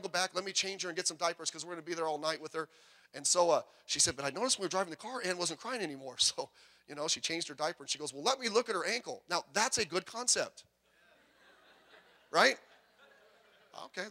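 An older man preaches from the pulpit, weaving in personal stories. His voice is bright and pitched a little high. He swings from loud emphasis to quiet, confiding asides. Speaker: pastor.

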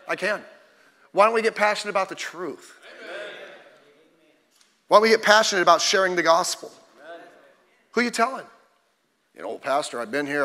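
A man preaching a fiery sermon as pastor, emphatic and rising to sudden shouts. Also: sits high, long reverb tail. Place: church sanctuary.

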